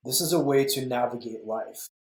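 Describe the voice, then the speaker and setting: A man's voice: mid-range voice, normal speed. A man in his fifties with a mid-range voice, recorded in a roomy space that echoes. He tells stories earnestly and addresses the men listening directly, in reflective interview talk. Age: 50s. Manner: earnest, storytelling, speaks directly to male listeners. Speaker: guest author and men's coach. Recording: echoey room.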